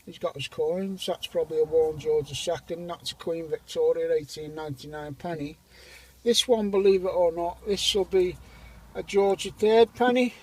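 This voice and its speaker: A man with a slightly high, slightly rough voice talks at a moderate pace, and the audio is poor. Hosting a metal detecting vlog, he chats enthusiastically to viewers out in a windy farm field in casual commentary.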